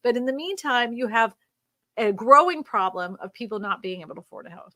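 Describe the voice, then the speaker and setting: A woman's voice: a little high, lively intonation, a little fast, pushed and bright, dry recording. A woman hosting a real estate live stream. She reads viewer comments aloud and answers them in an emphatic, ranting way, laughing often.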